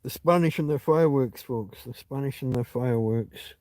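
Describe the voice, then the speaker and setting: A man's voice: medium pitch, normal speed, a little mellow, no echo. A middle-aged man hosting a casual livestream from home on his phone, meandering and reminiscing, often trailing off and restarting his thoughts. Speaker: livestream host. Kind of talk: rambling casual chat.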